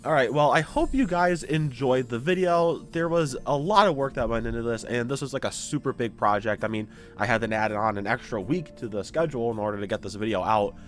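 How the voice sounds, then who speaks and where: A man with a middle-pitched voice recaps a story in a casual, animated way. He jumps into quick character voices as he goes. A faint bed of music plays under him. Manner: animated, acts out characters' lines. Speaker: YouTuber.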